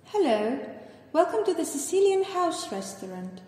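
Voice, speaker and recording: A woman's voice: extremely high pitch, sing-song, normal speed, darkish tone. Woman as polite server, scripted test dialogue, echoey, long reverb. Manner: polite, carefully enunciated. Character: polite adult woman serving customers.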